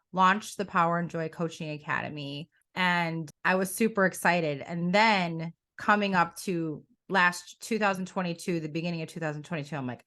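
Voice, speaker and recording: Woman coach, lower voice, lively storyteller, middle-aged, interview guest. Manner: animated storyteller, quotes her own past thoughts. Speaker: coach and academy founder. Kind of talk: conversational interview.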